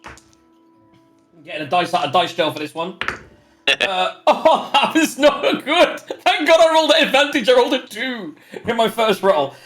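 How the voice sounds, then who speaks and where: A man's voice: very high-pitched, measured pace, faint music behind. A man narrating as game master of a tabletop role-playing game, laughing often and rambling through the scene. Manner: lively, giggly, rambling narration.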